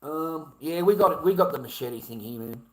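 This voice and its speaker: A man's voice: fairly high pitch, animated, moderate pace, fairly bright tone, rough recording. An Australian man talking to camera in a rambling, repetitive monologue, swearing heavily. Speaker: vlogger.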